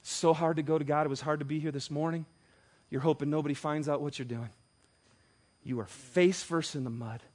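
A man in his thirties preaching a sermon as pastor, telling stories with big swings between loud and quiet. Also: on the high side, fairly even intonation, a little fast.

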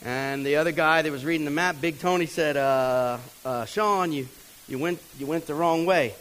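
A man's voice: moderate pace, rough recording. A man, telling a funny story from the pulpit and talking straight to the crowd. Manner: animated, talks to the crowd, mimics others in a higher voice. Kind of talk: storytelling sermon.

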